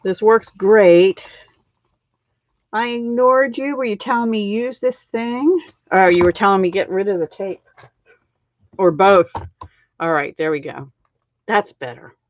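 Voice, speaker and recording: A middle-aged woman hosts a card-making live stream, talking casually through the craft demo and laughing at her own slip-ups in a chatty, self-deprecating way. Her voice sits mid-range and unhurried, with long pauses. The dull, lo-fi recording carries slight background noise.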